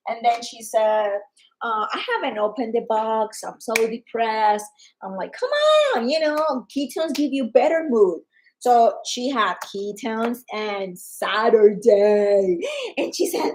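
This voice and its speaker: A woman from Colombia with a Colombian Spanish accent, chatting casually and excitedly about a wellness product, acting out customers' lines. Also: a little high, a little slow, low-quality recording. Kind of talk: casual livestream chat.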